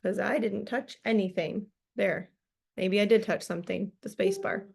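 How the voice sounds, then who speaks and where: A woman's voice: mid-range voice, fairly even intonation, moderate pace, vocal fry, breathy edge. Woman, video call, chatty upbeat motivational talk, casual fillers, team training. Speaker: team leader presenting a business training call.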